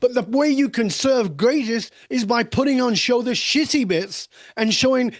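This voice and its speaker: An older man, a leadership mentor, telling candid personal stories emphatically in conversation, sometimes swearing and dropping low and soft. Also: normal speed, hardly any pauses, no room sound, studio quality.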